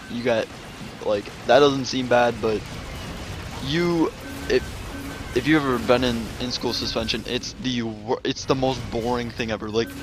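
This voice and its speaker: A man telling a casual storytime vlog, rambling with many fillers and restarts. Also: medium pitch. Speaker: gaming vlogger.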